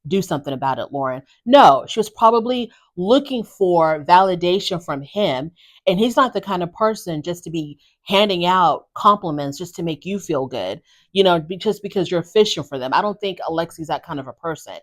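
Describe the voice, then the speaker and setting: Lady with a lowish voice doing a gossipy tv recap, blunt and chatty. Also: lively intonation, moderate pace. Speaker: reality TV recap host. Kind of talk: casual opinionated recap.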